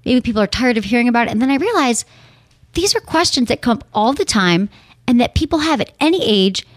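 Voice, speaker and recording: A woman hosts a casual podcast about sex and relationships, talking very fast in a fairly high voice. She packs her chatter with "like" and quick restarts. The sound is dry and close. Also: sing-song, dry recording. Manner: fast, chatty, full of fillers like "like".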